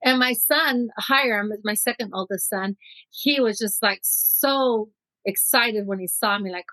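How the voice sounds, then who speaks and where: A woman's voice: mid-range voice, measured pace, bright, forceful tone, dry recording, low-quality recording. A middle-aged woman from Mexico, a guest telling her own story in an interview, vivid and acting out what people said. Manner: vivid storyteller who acts out quotes.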